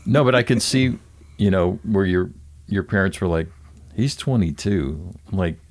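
Low-voiced man hosting a chat. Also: normal speed. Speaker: host. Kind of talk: casual conversation.

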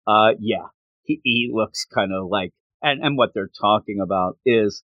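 A man's voice: fairly low pitch, unhurried, no room sound, narrow, tinny audio. A man casually chatting on a podcast, recapping a comic book with lots of laughter and acted-out character lines. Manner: animated storytelling, acts out characters' lines, laughs often.

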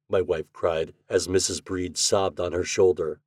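A man hosting a podcast, reading classic fiction aloud in a measured, expressive way. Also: low voice, no echo, clean studio sound. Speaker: podcast host and reader.

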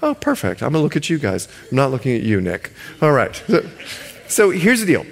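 A male pastor from the Bahamas preaching a sermon. He stretches key words slowly for emphasis and jokes with the congregation. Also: medium pitch, huge pitch swings, vocal fry.

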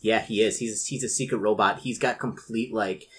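A man's voice: lowish voice, steady tone, normal speed, a little hiss or hum. A man running a tabletop role-playing game, talking loosely with many fillers. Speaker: game master.

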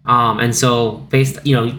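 Unhurried and a bit bright, a thirties-aged male podcast host keeps his medium-pitched voice fairly level as he chats casually, with lots of fillers. He acts out lines from the film in little quoted voices, and a little hiss or hum is audible.

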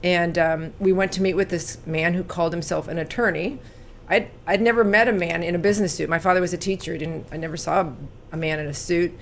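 A woman in her sixties from California, telling her life story as an interview guest, earnest and animated when recounting, quiet at painful moments. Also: fairly low pitch, fast, creaky, slight background noise.

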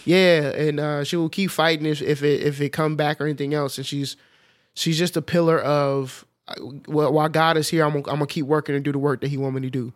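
A man co-hosting a podcast in casual chat, animated, often laughing, with many fillers. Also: on the high side, a little fast. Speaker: podcast co-host.

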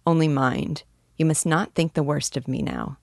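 Woman reader as a guarded young woman; firm, measured, low and close. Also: steady tone, creaky, no room sound. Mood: frank. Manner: frank, measured, gently firm. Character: frank, cautious young woman, warm but firm. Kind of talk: audiobook dialogue reading.

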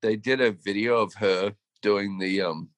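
Co-host: earnest, reflective man, slightly low pitch, dry sound. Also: steady tone, a little slow, fairly bright tone, no echo. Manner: reflective, earnest, self-quoting. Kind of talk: casual chat.

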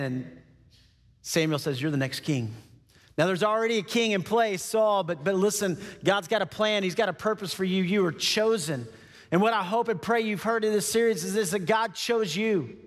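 High-voiced pastor in a reverberant hall. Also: male voice. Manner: animated, conversational, acts out the scenes. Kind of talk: sermon storytelling. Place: church auditorium. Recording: long church-hall reverb.

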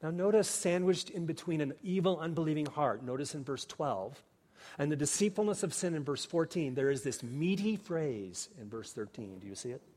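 A pastor, a man, preaches a sermon in earnest, dropping to near-hushed tones and then rising to emphatic points. His voice sits a bit high for a man. A long reverb trails his words, as in a large sanctuary. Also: expressive, normal speed.

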